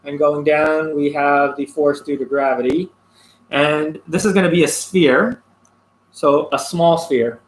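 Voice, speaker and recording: A man teaching a physics lesson, explaining a worked problem step by step with pauses and fillers. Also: fairly high pitch, fairly even intonation, reverberant, rough recording. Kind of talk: classroom lecture working through a problem.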